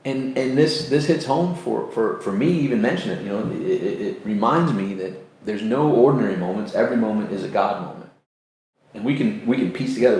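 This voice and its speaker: A man's voice: mid-range voice, moderate pace, a little mellow. A man hosting a casual talk about faith, telling personal stories earnestly and acting out voices in quotes. He grew up in New York State. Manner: earnest storytelling with acted-out quotes. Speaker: host. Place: room near a beach. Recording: echoey room, faint ambience.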